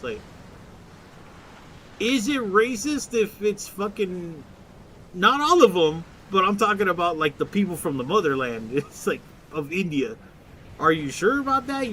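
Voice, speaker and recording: A man's voice: sits high, a bit bright, slight background noise. A young man streaming, ranting in a profane, rambling way with mocking quotes. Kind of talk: casual ranting commentary.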